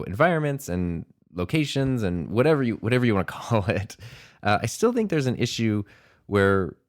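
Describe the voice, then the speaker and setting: A man's voice: fairly low pitch, darkish tone. A man hosting a solo podcast, talking in a reflective, rambling way with frequent small laughs. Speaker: podcast host and teacher. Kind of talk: casual solo podcast monologue.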